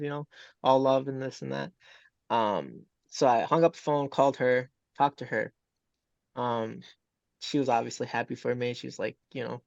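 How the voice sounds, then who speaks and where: Young guy w a gravelly voice rambling on a zoom call, lots of likes and ums, kinda dull dry audio. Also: medium pitch, flat delivery, brisk, no room sound. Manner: rambling, full of fillers and quoted dialogue. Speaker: MMA fighter guest. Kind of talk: casual interview chat. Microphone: video call.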